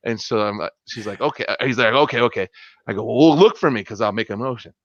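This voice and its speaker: Animated man telling a story. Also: on the low side, fast talker, no room sound, muffled recording. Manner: animated storyteller, laughs often, acts out dialogue. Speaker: podcast co-host. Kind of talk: casual chat, storytelling.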